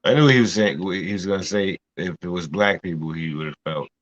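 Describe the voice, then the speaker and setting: A man's voice: low voice, brisk. A man co-hosting a podcast in casual chat, mostly chiming in with short agreeing remarks. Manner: brief agreeing interjections. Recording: dull lo-fi sound.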